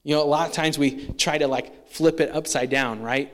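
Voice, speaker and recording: Conversational male preacher, fairly high voice. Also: fairly even intonation, normal speed, few pauses. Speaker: pastor. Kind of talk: sermon.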